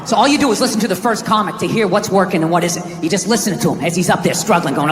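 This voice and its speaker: Ranting high-voiced man, stand-up on stage. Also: expressive, quick pace, few pauses, noisy background. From United States. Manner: profane, ranting, exasperated. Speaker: comedian. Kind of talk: stand-up comedy. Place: large theater with a laughing crowd. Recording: echoey live hall, loud crowd.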